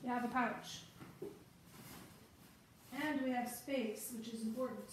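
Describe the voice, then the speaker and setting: A woman's voice: fairly high pitch, fairly even intonation, takes it slowly, roomy sound, a little hiss or hum. A woman chatting casually as she packs her bag, thinking aloud. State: has the hiccups. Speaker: vlogger. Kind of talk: casual show-and-tell.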